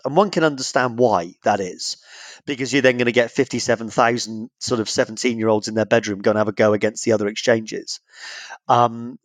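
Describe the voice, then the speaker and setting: A man's voice: mid-range voice, no echo. A middle-aged English man, a guest author in a casual podcast interview, joking and acting out phone calls in little voices. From Britain.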